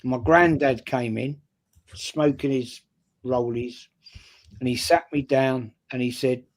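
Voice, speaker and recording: Older london guy spinning a yarn, keeps saying right?, mid-pitched voice. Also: steady tone, slow pace. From North London. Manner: anecdotal, repeats "right?" often. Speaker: fan channel panelist. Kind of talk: casual storytelling.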